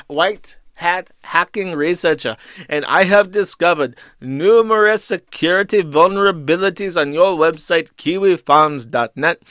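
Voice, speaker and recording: Mocking bit: a man playing an overly polite scam emailer with a put-on Indian accent, pitched up and singsong. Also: pushed and bright, dry recording, studio quality. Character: fawning male scam emailer with exaggerated accent.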